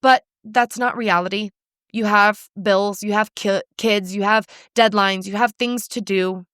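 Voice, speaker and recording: A woman's voice: mid-range voice, unhurried, dry recording, clean studio sound. A young woman hosting a solo coaching podcast, talking bluntly and with energy. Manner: blunt, animated, casual swearing. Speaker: podcast host, nutrition coach.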